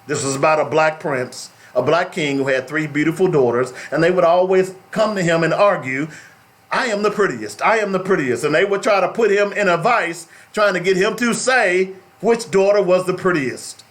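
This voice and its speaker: A man's voice: high-pitched, normal speed, few pauses. A middle-aged man hosting a talk radio show, speaking in an emphatic, preachy way and repeating phrases for stress.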